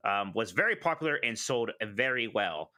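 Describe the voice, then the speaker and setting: A man co-hosting a podcast in casual chat, jokey and animated, often laughing mid-sentence. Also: fairly low pitch, normal speed. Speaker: podcast co-host.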